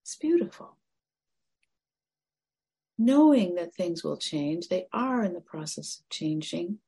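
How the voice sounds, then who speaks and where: Woman, meditation teacher, dharma talk, low voice, breathy, gentle, reflective. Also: animated, measured pace. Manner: gentle, reflective, drifting into soft near-whispers.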